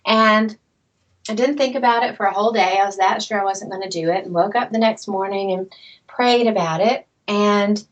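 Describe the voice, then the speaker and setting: Lively woman telling her story. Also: medium pitch, highs cut off. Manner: lively, self-deprecating storyteller, laughs often. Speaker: interview guest, author. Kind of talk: storytelling interview.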